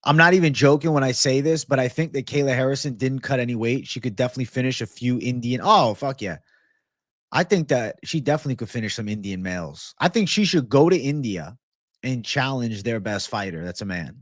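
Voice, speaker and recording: A man's voice: mid-range voice, no echo, studio quality. A young man hosting a casual livestream, joking loosely, swearing a lot and talking to his chat. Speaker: livestream host reading chat.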